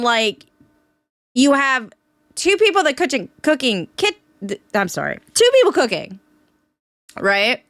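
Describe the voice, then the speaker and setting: Give it the energy of a young woman streamer reacting live: keep the voice high and bouncy, bright and forward, and talk loose and chatty with plenty of filler words. Stay close to the mic so it sounds dry and intimate. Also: no room sound. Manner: chatty, lots of fillers, laughs at the clip. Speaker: streamer reacting to a reality show. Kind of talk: casual reaction commentary.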